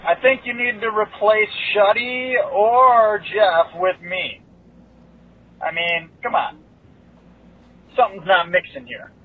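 A man leaving a teasing prank voicemail, drawn out and slow. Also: high voice, steady tone. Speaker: listener leaving a joke voicemail. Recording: muffled phone-line voicemail.

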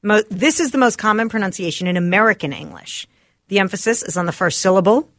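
A woman's voice: medium pitch, lively intonation, quick pace, a bit bright, dry recording. A woman co-hosting a radio show, chatting casually in the studio and reading answers aloud from her phone.

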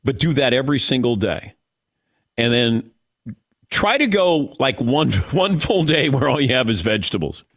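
A male radio show host telling a story in casual chat, acting out the quotes as he goes. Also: on the high side. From Irish heritage. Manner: animated storyteller, acts out quotes.

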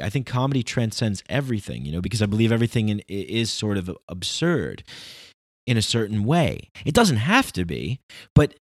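A man's voice: mid-range voice, no echo, studio quality. A man talking in a casual, rambling, philosophical monologue with emphatic bursts.

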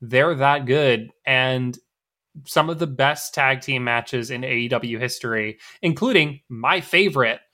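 Male podcast co-host, bright forceful voice, wry and sardonic, casual chat. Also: medium pitch, measured pace.

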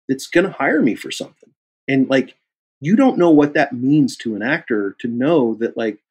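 A man from Kansas City, an actor guest on an interview show, telling animated stories and acting out the dialogue with big swings in his voice. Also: mid-range voice, slightly rough. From Kansas City, USA. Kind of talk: casual interview storytelling.

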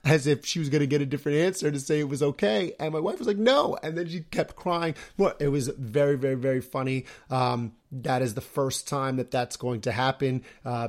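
A young man hosts a casual podcast chat. His voice sits at a middle pitch, and he rambles along with frequent restarts and fillers. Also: a little mellow. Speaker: podcast host.

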